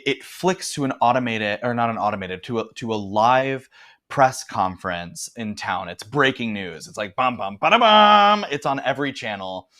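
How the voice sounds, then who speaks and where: A man's voice: on the low side, fairly bright tone. A man narrating a tabletop horror game as game master, improvising with fillers and restarts. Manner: rambling, improvising with fillers and laughs.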